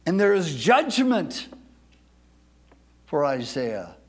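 A male pastor preaching a sermon in a dramatic way, swinging between loud declaiming and hushed near-whispers and stretching out words for emphasis. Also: on the high side, sing-song, slow, husky.

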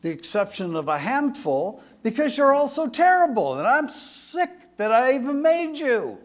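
A man's voice: very high voice, very animated, normal speed, voice pushed up. A man voicing God as a blunt, folksy figure who is sick of humankind. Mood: fed up. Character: exasperated God, weary of mankind.

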